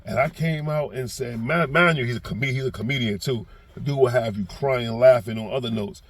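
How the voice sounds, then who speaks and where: A man with a New York accent talks through a reaction vlog in a casual, rambling monologue. His voice is gravelly and husky, and he often restarts his sentences. It rises and turns heated whenever he acts out someone else's words. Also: medium pitch, brisk. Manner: gets loud and heated when acting out quotes. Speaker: reaction vlogger.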